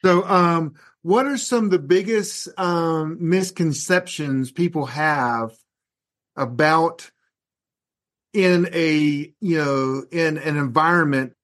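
A man's voice: on the high side, slow pace, fairly bright tone. A man hosting an interview, asking rambling questions. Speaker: host. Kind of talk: casual interview.

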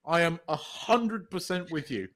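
A man's voice: on the high side, expressive, unhurried, a bit bright. A man co-hosting a podcast in casual, emphatic chat, swearing now and then. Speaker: podcast co-host.

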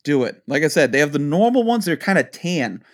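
Brief: male podcast co-host, slightly higher pitch, very animated delivery, rambling profane anecdotes. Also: a little fast. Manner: rambling, profane storytelling with voiced asides. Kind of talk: casual podcast chat.

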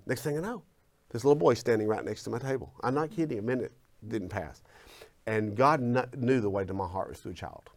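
Animated Southern storyteller, man. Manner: acts out his own quoted lines with big pitch swings. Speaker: guest, former minister.

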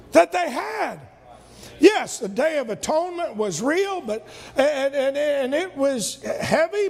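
A man's voice: very high voice, gravelly, big-room sound. A male minister preaching a sermon, emphatic, repeating words and asking the congregation rhetorical questions.

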